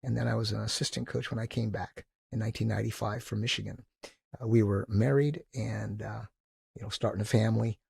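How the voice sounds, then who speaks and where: A man in his sixties, a podcast guest who tells animated, enthusiastic stories and acts out the quotes. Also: lowish voice, brisk, vocal fry, breathy edge, no echo, clean studio sound. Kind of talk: casual storytelling interview.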